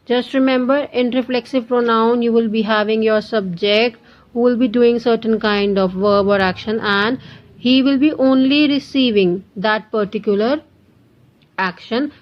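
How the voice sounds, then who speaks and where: A young Indian woman teaching an English grammar lesson, explaining slowly and repeating the key points, with some Hindi mixed in. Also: a little high, dull audio. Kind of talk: classroom lesson.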